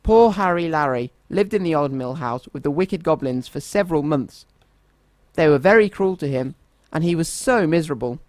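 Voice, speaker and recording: A man reading a children's story aloud in a gentle, expressive storytelling manner. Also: a little high, moderate pace, dry recording.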